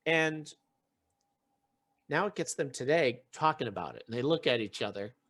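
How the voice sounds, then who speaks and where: A man with a mid-range, slightly bright voice hosts a podcast, speaking at a moderate pace with lively intonation. He retells a story in casual conversation, acting out the quotes and restarting his sentences often as he goes.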